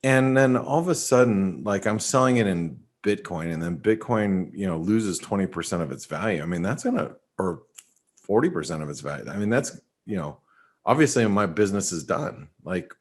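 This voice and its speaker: Deep-voiced man rambling through market talk. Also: expressive, normal speed. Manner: rambling, many restarts and fillers. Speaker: market analyst host. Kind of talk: casual webinar chat.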